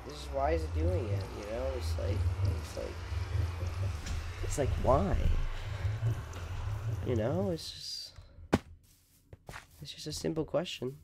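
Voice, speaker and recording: A man's voice: mid-range voice, big pitch swings, slow, pauses often, noisy background. A man hosting casual gameplay commentary, melodramatic and overreacting, stammering, sometimes leaning away from his desk microphone. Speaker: gaming video host.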